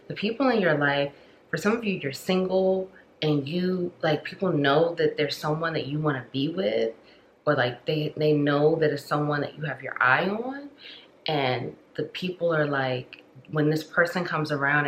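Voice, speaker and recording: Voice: mid-range voice, a bit bright, reverberant, a little hiss or hum. A tarot reader giving a casual spiritual reading, chatty and full of filler words, talking straight to the viewer.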